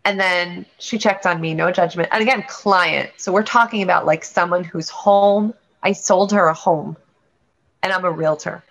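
A woman's voice: on the low side, fairly bright tone. A woman, a realtor and guest on a show, telling a candid personal story in an earnest, rambling way with frequent restarts. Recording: lo-fi dull sound.

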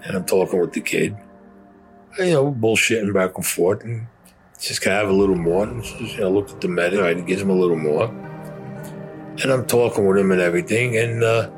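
An older man, a war veteran, telling a gritty personal story in blunt, profane speech, acting out what people said. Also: sits low.

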